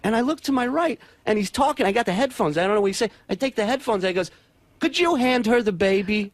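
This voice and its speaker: A man with a fairly high voice tells a long, exasperated story in a radio studio, swearing freely. His delivery is animated and indignant, and the sound is close and dry, with no room echo. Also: quick pace. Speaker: radio show guest.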